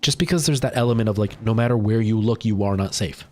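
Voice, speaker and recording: A man's voice: fairly low pitch, quick pace. A young man streaming a game live, chatting with his viewers and yelping in panic when attacked. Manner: chatty, jumps to loud panicked yelps in fights. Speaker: livestreaming gamer.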